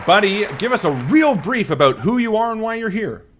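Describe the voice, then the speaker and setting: A man's voice: high-pitched, very animated, brisk, fairly bright tone, a little hiss or hum. A man hosting a comedic online show, with hammy announcer flourishes and crude joking asides. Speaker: host.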